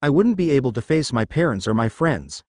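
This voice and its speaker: A man voicing a brash, cheerful young male hero in a storybook reading, with a loud, brash manner. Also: medium pitch, sing-song, a little fast, no room sound, studio quality. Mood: determined.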